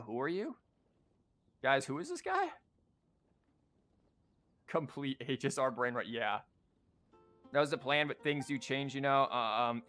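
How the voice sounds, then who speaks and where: A man's voice: mid-range voice, animated, normal speed, pauses often, bright, forceful tone, faint music behind. A male streamer chatting casually on a livestream, rambling and stammering as he plays a card game and talks to chat.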